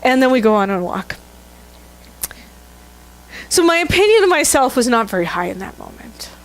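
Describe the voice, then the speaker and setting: A woman's voice: on the high side, sing-song, normal speed. A middle-aged woman minister giving a sermon, telling a candid, self-mocking story with laughter to her congregation. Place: church sanctuary.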